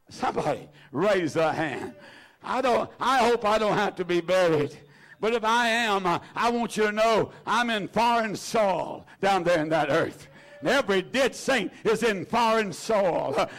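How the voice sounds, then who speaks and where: A man preaching a sermon with fervent, drawn-out emphasis, many "uh" fillers and sudden rising shouts. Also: high-pitched.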